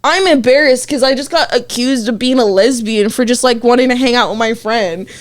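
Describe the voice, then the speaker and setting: A young woman with a high voice tells a story in loose, casual podcast chat. She is animated and throws in plenty of swearing. Her delivery stays relaxed and conversational. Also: a little fast.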